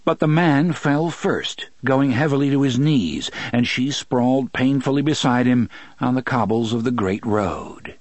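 A man narrating a novel as an audiobook, expressive and switching voices for characters. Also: medium pitch, a little slow, no room sound. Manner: expressive storytelling, many voices. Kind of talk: scripted narration.

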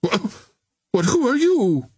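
A man's voice: fairly high pitch, sing-song, a little slow, slightly rough, dry recording, heavily acted. A man reading an audiobook voices a formal, agitated naval captain in a somewhat raised voice. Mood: startled. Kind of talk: audiobook character voice.

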